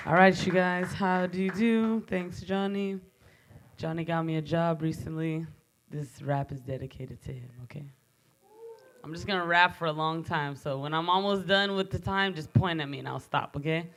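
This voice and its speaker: A woman's voice: lowish voice, fairly even intonation, normal speed. A woman in her twenties with a Bay Area accent, performing a swaggering, profane rap live at an open mic. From San Francisco Bay Area. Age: 20s. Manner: swaggering, profane, rhythmic delivery.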